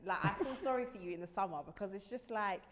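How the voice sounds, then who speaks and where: A woman's voice: medium pitch, quick pace, a little hiss or hum. Chatty woman interviewing a guest. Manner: chatty, playful, curious questions. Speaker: talk show host. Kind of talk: casual interview chat.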